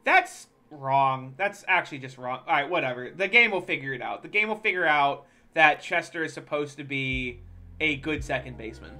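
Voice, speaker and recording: A streamer giving casual gameplay commentary, profane and quick to break into loud, exasperated outbursts. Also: medium pitch, animated.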